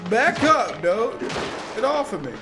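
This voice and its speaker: A young man livestreaming a game, his voice sitting high for a man and bouncing with slangy, animated reactions. Game music plays clearly behind him the whole time. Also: a little slow. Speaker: streamer. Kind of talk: live gameplay commentary.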